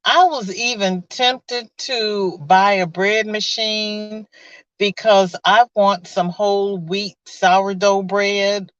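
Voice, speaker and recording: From inside her car, a woman hosts a casual live stream, chatting, laughing, greeting viewers by name, and reading their comments. Her mid-range voice is fairly even and unhurried, and the recording is dull and lo-fi with no room sound.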